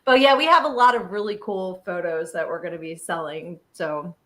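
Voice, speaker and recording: A woman hosting a casual podcast, telling animated stories about a film shoot and laughing often. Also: lowish voice, moderate pace. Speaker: podcast host.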